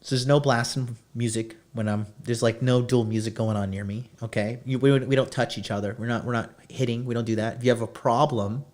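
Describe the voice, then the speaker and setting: A man hosting a podcast, ranting brashly and swearing constantly as he lectures his listeners on dating. His voice sits at an ordinary middle pitch for a man. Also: steady tone, brisk, hardly any pauses, a little mellow. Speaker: podcast host. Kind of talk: profane dating-advice rant.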